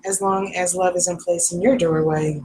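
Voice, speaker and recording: A woman's voice: on the low side, fairly even intonation, moderate pace, mellow, slight background noise. A woman hosting a casual live stream from home, chatty and laughing often between restarts. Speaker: psychic livestream host.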